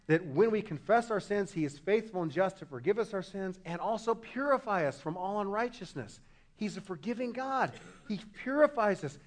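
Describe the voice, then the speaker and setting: High-voiced impassioned male preacher. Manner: impassioned preaching, swinging from loud emphasis to hushed lows. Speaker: pastor. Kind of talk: sermon.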